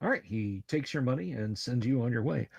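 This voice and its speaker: A man's voice: medium pitch, expressive, brisk, creaky, darkish tone, slightly rough, no echo. A man running a tabletop game on a livestream, talking in a casual, friendly way and often repeating words as he goes. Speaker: game master.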